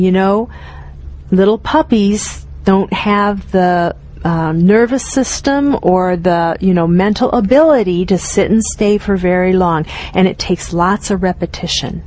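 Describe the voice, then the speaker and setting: Middle-aged woman, meditation teacher, slow gentle retreat talk, mid-pitched. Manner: gentle, unhurried, with soft laughs and fillers.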